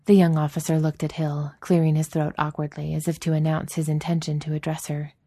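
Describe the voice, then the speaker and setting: Woman, audiobook narration, low pitch, warm dark tone, even delivery. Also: brisk, no echo, studio quality. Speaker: audiobook reader. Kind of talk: narrating a fan fiction story.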